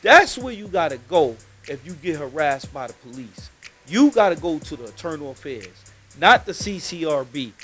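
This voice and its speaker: Animated New man telling street stories. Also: a little high, normal speed, husky, soft background music. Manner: animated, slangy and emphatic. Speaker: podcast host. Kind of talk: casual street storytelling.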